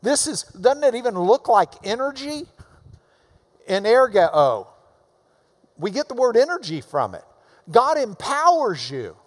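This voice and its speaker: A man preaching with a high, lively voice that leaps up and down in pitch. He delivers the sermon emphatically, swinging from loud urging to hushed asides. His voice rings with the long reverb of a big church hall. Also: normal speed.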